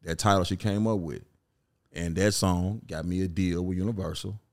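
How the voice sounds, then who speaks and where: A middle-aged man with a Memphis Southern accent talks in a loose, rambling way, dropping "you know what I'm saying" again and again. His voice sits low. He is a guest in a relaxed interview chat. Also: moderate pace. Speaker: guest rapper and producer.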